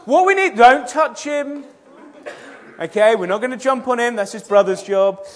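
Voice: medium pitch, moderate pace. A children's church leader talking playfully and coaxingly with a group of children in a church.

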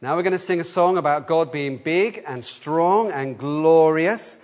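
A man with a slightly high voice leads a children's talk in church. He speaks in a lively way, throws questions to the congregation and has them chant the answers back. The sound rings with the long reverb of a church hall. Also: unhurried, hardly any pauses. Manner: lively, asks the room questions and leads call-and-response.

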